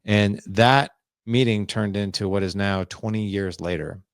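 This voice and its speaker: Deep gravelly man telling his story. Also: steady tone, unhurried, no room sound, studio quality. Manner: earnest, confessional storytelling with quoted dialogue. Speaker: podcast guest. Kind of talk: candid storytelling in a podcast interview.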